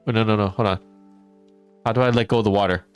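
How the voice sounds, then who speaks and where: A man's voice: lowish voice, steady tone, fast, soft background music. A man streaming a farming game, chatting casually with his viewers, answering chat and laughing often. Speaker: teacher. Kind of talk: casual live-stream chat while gaming.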